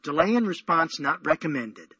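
A man's voice: fairly high pitch, big pitch swings, moderate pace, pushed and bright, husky, dry recording. A man hosting a radio show, chatting in a playful, rambling, teasing way. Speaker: radio host. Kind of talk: casual call-in radio chat. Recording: dull lo-fi radio audio.

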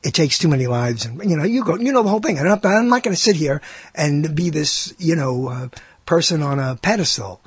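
Older New York man hosting radio talk, rambling and theatrical, husky, fairly high, dry sound. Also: lively intonation, fairly quick, no room sound. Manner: rambling, self-mocking, theatrical. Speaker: radio show host. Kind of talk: casual monologue.

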